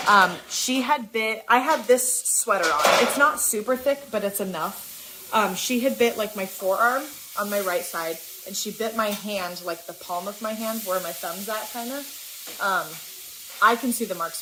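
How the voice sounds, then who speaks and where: A woman's voice: mid-range voice, noisy background. A young woman in her twenties telling a story to camera at home, chatty, laughing often and full of ums and likes, filmed on a handheld camera. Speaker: vlogger. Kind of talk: casual vlog storytelling. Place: at home indoors. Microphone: handheld camera on a gimbal.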